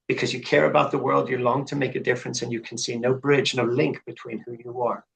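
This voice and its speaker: Speaking fast in a mid-range voice with little pitch movement and some vocal fry, a middle-aged podcast guest recounts his story. He is earnest and reflective in this conversational interview, rising to fervent emphasis, though the audio is poor.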